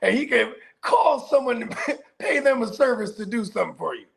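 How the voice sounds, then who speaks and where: High, gravelly laughing man. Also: lively intonation, normal speed. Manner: laughs often, acts out quotes in other voices. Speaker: podcast co-host. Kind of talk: casual chat.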